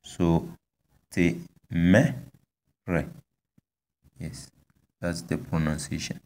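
A man teaching a language lesson, patiently repeating each word and pausing often with hesitations. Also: deep voice, flat delivery, darkish tone. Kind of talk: slow spoken language lesson.

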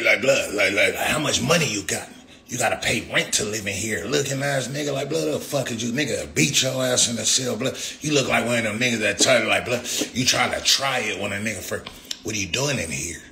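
A man's voice: fairly low pitch, creaky, bright, forceful tone. A man ranting on a livestream in a profane, confrontational way. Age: adult with young kids. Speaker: rapper streaming live. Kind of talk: livestream rant.

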